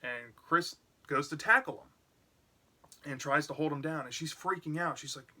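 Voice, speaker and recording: A man's voice: a little high, animated, moderate pace, sharp tone. A man giving a casual, chatty recap of a book's plot for a review, often checking in with "right?". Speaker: book reviewer.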